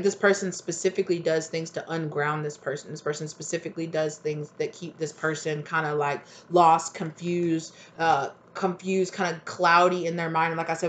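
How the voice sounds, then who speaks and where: A tarot reader giving a casual, rambling reading, repeating phrases and leaning on "like" and "right?". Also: medium pitch. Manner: rambling, repetitive, full of "like" and "right?".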